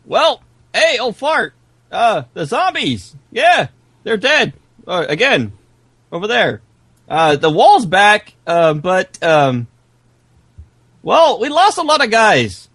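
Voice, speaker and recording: A man's voice: high-pitched, very animated, slow, long pauses, fairly bright tone, dry recording, exaggerated voice. A man voicing a flustered male soldier who gives a hesitant, rambling report full of ums.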